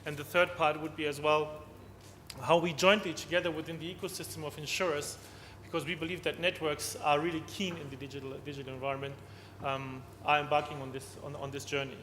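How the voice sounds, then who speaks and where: A man giving a conference presentation, halting, with frequent restarts and tag questions. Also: a little high, flat delivery, a bit bright. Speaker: conference speaker. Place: conference hall. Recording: long hall reverb, faint noise.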